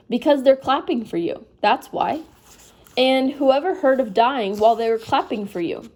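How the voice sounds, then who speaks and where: A woman's voice: high-pitched, moderate pace, a little mellow. A sleepy woman reading a novel aloud in a casual, informal way, stopping now and then to comment. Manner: informal, breaks off to apologize and comment. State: sleepy, yawning. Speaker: reader.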